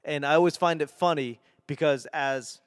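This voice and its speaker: A man in his forties from the Boston area with a softened Boston accent, rambling and self-mocking on his own podcast. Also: on the high side, normal speed, clean tone, no echo, clean studio sound. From Boston area, New England. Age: 40s. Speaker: podcast host and stand-up comedian. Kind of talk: solo casual podcast rambling.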